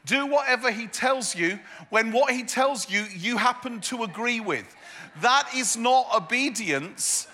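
Male preacher, high bright voice, playful repetitive delivery, big reverberant hall. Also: animated, measured pace. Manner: humorous, self-deprecating storytelling with repeated phrases. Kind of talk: sermon. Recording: echoey hall.

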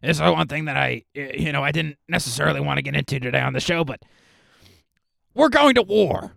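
A man putting on the voice of a frantic male conspiracy broadcaster, shouting alarm about war. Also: fairly high pitch, expressive, a little fast, creaky, no echo, studio quality, exaggerated voice.

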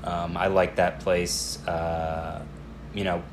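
A man with a notably low voice co-hosts a podcast in easygoing chat. He tells stories at a relaxed pace and slips into quick bits of back-and-forth dialogue. A faint hiss sits under the recording. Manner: relaxed storytelling, acting out dialogue. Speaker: podcast co-host. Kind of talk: casual chat.

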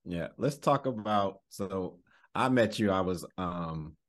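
An interview host asking questions in a relaxed way, laughing often. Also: low voice, slow. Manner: relaxed, laughs often, frequent "mm-hmm" backchannels. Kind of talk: casual interview.

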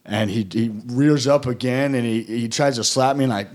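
A young man in casual conversation, telling rambling stories full of "like" and "uh" and breaking into laughter often. His voice sits at an ordinary middle pitch, neither high nor low. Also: moderate pace, darkish tone. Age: young adult. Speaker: guest recounting boot camp. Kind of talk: casual storytelling chat.

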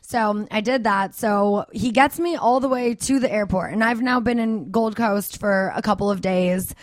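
A woman's voice: mid-range voice, normal speed, dry recording. A young woman co-hosting a casual podcast, chatty and laughing as she tells a story. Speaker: co-host.

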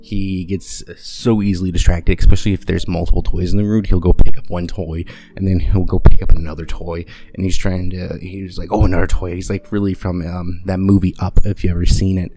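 A man's voice: little pitch movement, fairly quick, hardly any pauses, warm tone, a little hiss or hum. A man hosting a podcast, talking casually and rambling with many fillers, recorded at home on a handheld microphone with uneven audio. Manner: rambling, frequent fillers and restarts; talks in a high cooing baby voice to his dog. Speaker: podcast host. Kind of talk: casual monologue. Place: at home with his dog.

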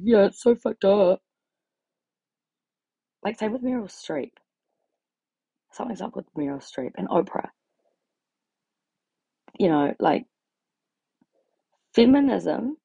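Low gravelly woman ranting bluntly. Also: dark tone, dry recording. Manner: blunt, sweary, exasperated. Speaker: vlogger. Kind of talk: ranting casual monologue.

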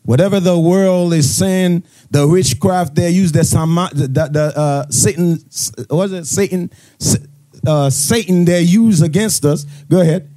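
A man on a religious podcast explaining scripture, halting and repeating words as he searches for them. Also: high-pitched, warm tone. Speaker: podcast member teaching scripture. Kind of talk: scripture teaching chat.

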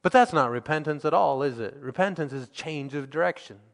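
A male preacher with a somewhat high voice delivers a sermon. He reads scripture and acts out the quoted lines, rising to emphatic peaks and then dropping to quiet asides. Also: fairly quick, vocal fry, in a large hall.

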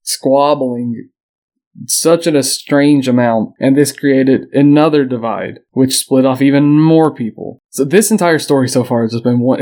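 A man co-hosting a podcast, casually retelling history with fillers and small laughs. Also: medium pitch. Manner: relaxed storytelling with frequent fillers and laughs. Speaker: podcast co-host.

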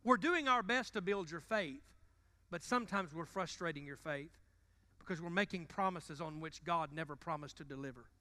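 A male pastor with a twang delivers a sermon in a church. He has a high, bright voice. He jokes with the congregation, then jumps from loud bursts to quiet asides. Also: normal speed. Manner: joking and conversational, swinging between loud bursts and quiet asides. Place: church sanctuary.

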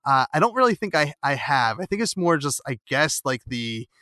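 Chatty Philadelphia man hosting, bright dry sound. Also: on the high side, very animated, moderate pace, dry recording. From Philadelphia area. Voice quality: nasal O vowel. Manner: rambling, many fillers and restarts, laughs while telling stories. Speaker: podcast host. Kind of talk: casual interview chat.

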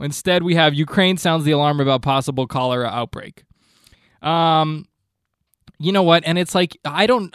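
A male comedian hosting a podcast, with a voice that sits a bit high and a deadpan, falsely earnest delivery. He rambles, trips over his words and restarts before landing each joke. The sound is close and dry, with no room around it. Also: no room sound. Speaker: podcast host. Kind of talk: comedic monologue.

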